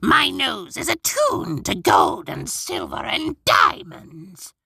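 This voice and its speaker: A man voicing a greedy little cave creature that gloats over stolen jewels, in a high croaking voice. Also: wildly swooping pitch, slow, bright, forceful tone, no room sound, exaggerated voice. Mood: gloating. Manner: gloating and taunting.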